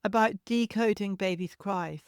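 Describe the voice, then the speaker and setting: A woman hosts a solo parenting podcast in a gentle, reassuring voice, as if teaching a class. Her speech sounds close and dry, with no room sound around it. She pauses now and then to imitate a baby's cry. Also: mid-range voice, clean tone, no echo. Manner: imitates baby cries to demonstrate. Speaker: podcast host and childcare educator.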